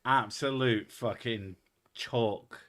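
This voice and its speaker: Bright-toned sweary English man. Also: mid-range voice, drawn-out words. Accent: English, mix of posh and Essex. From England. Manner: sweary and joking. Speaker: streamer. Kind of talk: casual stream chat.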